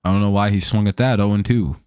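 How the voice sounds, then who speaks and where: A man's voice: fairly low pitch, steady tone, quick pace, a little mellow, smooth, dry recording. A man hosting a live stream, chatting casually over a baseball game, laid-back and joking, with casual swearing.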